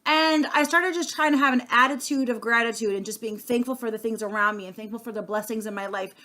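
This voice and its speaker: A woman's voice: fairly high pitch, fast, bright, forceful tone. A woman, talking earnestly and casually straight to camera, with plenty of fillers and restarts. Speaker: sales consultant vlogger. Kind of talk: unscripted casual monologue.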